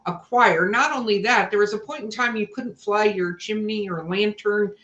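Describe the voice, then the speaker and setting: A woman's voice: mid-range voice, fairly even intonation, moderate pace, fairly bright tone, lo-fi sound. A woman hosting a podcast, chatting casually and turning ideas over as she speaks. Her voice sits mid-range and the recording carries a noticeable roomy echo. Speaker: podcast co-host. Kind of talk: casual chat.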